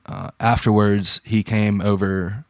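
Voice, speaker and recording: A young man with a lowish voice, easygoing and slangy as he tells stories. The sound is dry and close, with no room around it. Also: level tone, slow, no room sound. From Pittsburgh. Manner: laid-back, slangy, lots of "like" and "dude". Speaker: guest. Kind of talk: casual chat.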